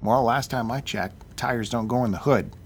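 A man on a casual talk show, telling a long story in an animated, ranting way and acting out the people in it. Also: medium pitch, moderate pace, slight background noise. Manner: animated, ranting, acts out quotes.

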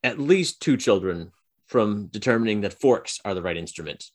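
A man narrating a tabletop game as game master, casual and halting, with many fillers. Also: on the low side, lively intonation.

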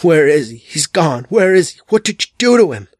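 A man's voice: mid-range voice, measured pace, breathy edge, no echo. A man voicing a broken, ecstatic man who rises to agonized howls. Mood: anguished. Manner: bubbling, rising to an agonized howl. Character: ruined, ecstatic man with a bomb, broken and childlike.

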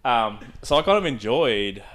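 Guy in his thirties, lively pitch, bright tone, casual storyteller who laughs a lot. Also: moderate pace. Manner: laughs often while telling stories. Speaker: podcast guest, former mine truck driver.

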